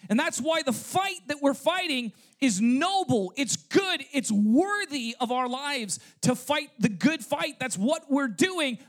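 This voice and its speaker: The speaker is a male pastor whose voice is very high and fairly bright. Preaching at a church service, he checks in with "okay?" and "right?" and poses rhetorical questions to the congregation.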